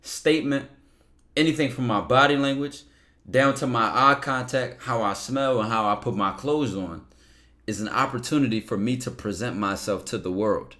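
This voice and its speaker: A man's voice: medium pitch, moderate pace, bright, forceful tone. A man hosting a call-in advice show, talking bluntly and with energy and swearing freely. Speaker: host.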